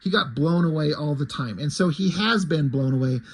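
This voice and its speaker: Guy rambling casually about a comic, kinda husky, slightly high voice, swears a bit. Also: normal speed, rough recording. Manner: chatty and loose, swears casually; paraphrases dialogue in a plain reading voice. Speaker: comic book reviewer. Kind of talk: casual comic review chat.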